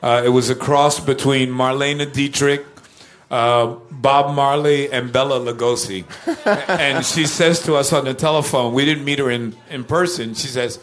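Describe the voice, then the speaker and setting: Older man telling animated stories. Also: medium pitch, a little slow. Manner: animated anecdotes, laughs, acts out quoted voices. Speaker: musician guest. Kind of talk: casual interview storytelling.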